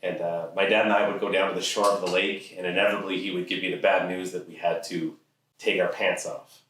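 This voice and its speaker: A man's voice: sits low, flat delivery, fairly quick, fairly bright tone, a little hiss or hum. A man in his forties telling humorous stories about his own life in a dry, self-deprecating way. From Ontario, Canada. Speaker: comic storyteller. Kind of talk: humorous personal monologue. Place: event hall. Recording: echoey hall, mic far off.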